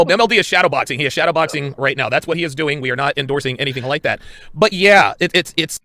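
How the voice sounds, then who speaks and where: A man's voice: a little high, bright, forceful tone, no room sound. A man talking brashly in a casual podcast clip, stumbling over fillers. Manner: brash, halting, filler-heavy.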